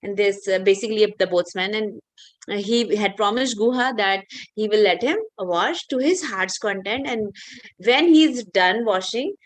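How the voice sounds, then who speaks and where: A woman's voice: medium pitch, unhurried. A woman teacher telling a story in an online class, chatty with many fillers and questions to listeners.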